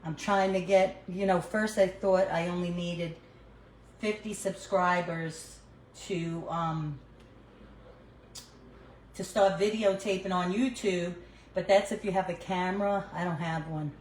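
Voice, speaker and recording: An older woman with a New York accent talks slowly and easily while she cooks at home, laughing now and then. Her voice is picked up by a phone in an echoey kitchen, with faint noise behind. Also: lowish voice, steady tone, a little mellow. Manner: chatty, laughs often, talks while cooking. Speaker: cooking livestream host. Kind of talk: casual cooking chat.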